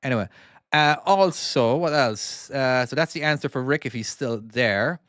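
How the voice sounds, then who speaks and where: A chatty Irish man from Cork in his 40s, an indie game developer and streamer, chats casually on a livestream as he plays and reads comments. His medium-pitched, slightly bright voice moves at a moderate pace, recorded dry with no echo. He rambles, repeats and restarts words, and pokes fun at himself.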